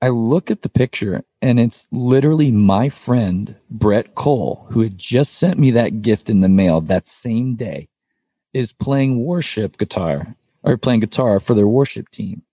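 A man's voice: medium pitch, animated, a little slow, mellow, breathy edge, no echo, clean studio sound. A man, a podcast guest who sings in a metal band, tells a personal story in a casual, rambling way, full of "like" and "you know" and the odd swear word.

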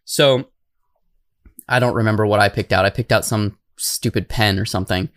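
A man from Tucson co-hosting a podcast, telling a family story in a lively, animated way. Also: on the low side, moderate pace, no room sound, clean studio sound. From Tucson, Arizona. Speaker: podcast co-host. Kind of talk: casual storytelling chat.

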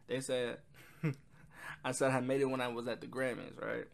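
A man's voice: mid-range voice, level tone, normal speed, gravelly. A man casually reviewing an album, rambling with frequent ums and quoting lyrics. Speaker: music reviewer.

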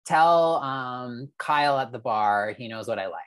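A woman's voice: a bass voice, lively intonation, a little slow. A woman in casual gossipy chat, chatty and joking. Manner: chatty, gossipy, does mocking impressions.

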